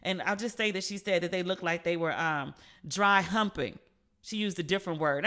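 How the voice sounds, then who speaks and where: A woman hosting a casual solo podcast, telling stories with playful, animated asides. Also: lowish voice, moderate pace. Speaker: podcast host.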